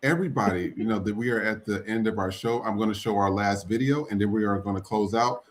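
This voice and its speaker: A man's voice: lowish voice, fast talker. A man hosting a podcast who talks casually and introduces clips in an easygoing way. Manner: animated, laughing easily. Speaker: podcast host. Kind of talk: casual chat.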